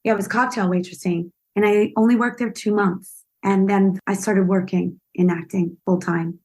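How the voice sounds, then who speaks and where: A woman with a mid-range voice tells stories from her acting career as a podcast guest. She is lively and self-deprecating, and she laughs at her own missteps as she goes. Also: medium pitch, moderate pace. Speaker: actress guest. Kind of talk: podcast interview storytelling.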